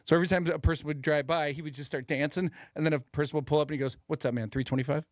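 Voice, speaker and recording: A man's voice: on the high side, fairly even intonation, rapid-fire, no echo, clean studio sound. Man telling stories on a radio show. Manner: storytelling, loose, repetitive restarts. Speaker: comedian guest. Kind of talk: casual radio interview.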